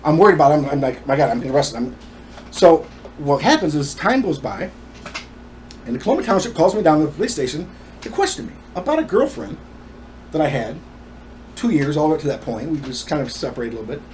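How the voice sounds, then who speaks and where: A man's voice: a little high, big pitch swings, darkish tone, a little hiss or hum, poor audio. Agitated man telling his story. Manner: agitated, ranting, rapid asides. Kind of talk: personal storytelling monologue.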